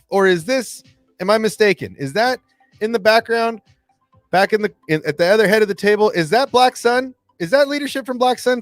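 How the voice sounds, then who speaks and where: A man hosting a fan channel, recapping an episode in casual livestream chat, excitable and acting out lines in voices. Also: sits high, no echo. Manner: excitable, acts out quotes in voices.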